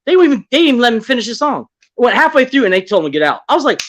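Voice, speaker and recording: A man's voice: very high voice, sing-song, rapid-fire, hardly any pauses, fairly bright tone. A man on an online audio panel who beatboxes and then tells rambling, earnest stories. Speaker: panel guest. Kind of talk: beatboxing and casual chat.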